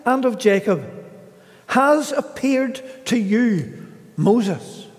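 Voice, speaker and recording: Slow, lively-pitched male preacher in a hall. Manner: slow, measured preaching with dramatic pauses, voicing scripture quotes. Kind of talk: sermon.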